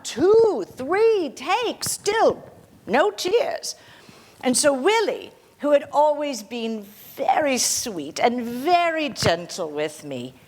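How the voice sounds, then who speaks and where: A woman on stage, in a one-woman portrayal, plays a gracious film actress in her 60s, softly and modestly telling her memories in a heavily acted theatrical monologue, with frequent light laughter. Her bright, higher voice swoops lively up and down as she takes her time, unhurried and gentle. The sound rings with the long reverb of a hall.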